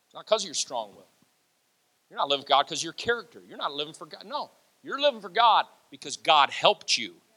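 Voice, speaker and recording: Male pastor, energetic sermon delivery, bright tone. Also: fairly high pitch, brisk. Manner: animated preaching, laughs, acts out quotes.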